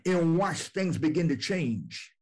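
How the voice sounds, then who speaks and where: A man's voice: fairly high pitch, lively intonation, slow pace, slightly rough. A man preaching a sermon, with repetitive, emphatic phrasing and questions to his listeners.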